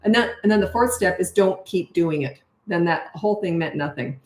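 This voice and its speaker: A woman's voice: lowish voice, normal speed, darkish tone. A middle-aged woman giving parenting advice in a casual, blunt way, acting out the dialogue she quotes. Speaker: parenting coach. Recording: echoey room.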